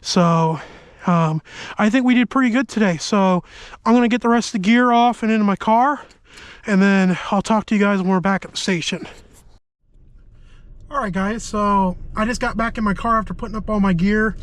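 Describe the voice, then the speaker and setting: A man's voice: high voice, moderate pace, no room sound, rough recording. A man, a volunteer firefighter, talking casually to his viewers while out of breath and sick, rambling with many fillers, outdoors and later in his car. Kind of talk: casual vlog talk. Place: outdoors on a march, later inside a parked car.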